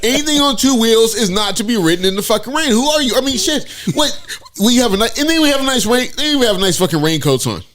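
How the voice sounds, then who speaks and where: A man's voice: very high voice, big pitch swings, quick pace, a bit bright, slight background noise. A man co-hosting a podcast, cracking crude jokes in casual banter. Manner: joking, crude, laughing asides. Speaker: podcast co-host.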